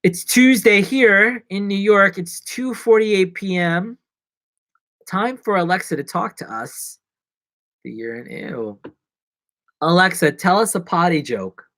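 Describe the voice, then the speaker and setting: Rambling, jokey man with a lively voice. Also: high-pitched, takes it slowly, no room sound. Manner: rambling, jokey, self-mocking. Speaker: live-stream host. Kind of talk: casual live-stream chat. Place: apartment in New York.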